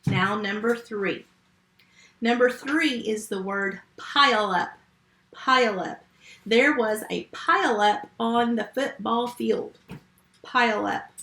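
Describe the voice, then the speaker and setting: A woman teaching a first grade phonics lesson remotely, sounding out words slowly and giving patient step-by-step instructions. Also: fairly high pitch, a bit bright, reverberant.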